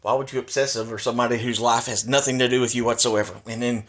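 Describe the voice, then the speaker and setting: A man's voice: mid-range voice, fairly even intonation, fast, fairly bright tone. A man in a heated, insistent monologue at his house, repeating his points and ranting. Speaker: video maker ranting on his channel.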